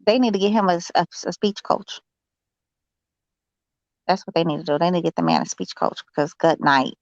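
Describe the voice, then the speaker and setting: A woman's voice: on the low side, big pitch swings, a little fast, no echo. Blunt woman on a dull, dry mic. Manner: blunt, opinionated, salty. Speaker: podcast co-host. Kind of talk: casual sports chat.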